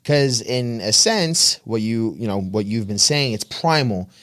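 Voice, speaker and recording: A man's voice: mid-range voice, animated, unhurried, a bit bright. A man with a New York accent, a gym owner and coach talking casually in an interview, blunt and swearing, acting out his clients.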